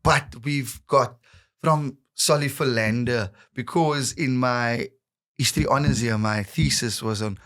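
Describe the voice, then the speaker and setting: A man's voice: mid-range voice, measured pace. A man in his thirties with a Cape Town South African accent, a comedian telling stories on a podcast and acting out the voices of the people in them. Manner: animated storyteller acting out voices, bursts of laughter and shouts. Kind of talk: casual storytelling conversation.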